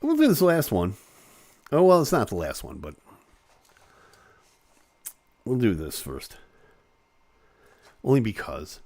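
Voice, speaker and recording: A man's voice: mid-range voice, wildly swooping pitch, unhurried, a little mellow, no room sound. A man hosting a live online show, casually reading celebrity news aloud with playful jokes and asides.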